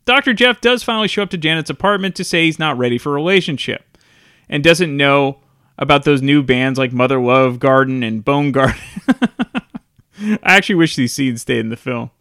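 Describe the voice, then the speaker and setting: A man's voice: mid-range voice, expressive, fairly quick, a bit bright, clean tone, dry recording, clean studio sound. A man casually reviewing a film, recapping the scenes in a chatty way and laughing often as he goes.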